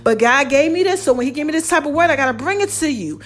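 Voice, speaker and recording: A woman hosting a podcast, giving a lively, preachy motivational talk, calling her listeners baby and y'all. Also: sits high, quick pace. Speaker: podcast host.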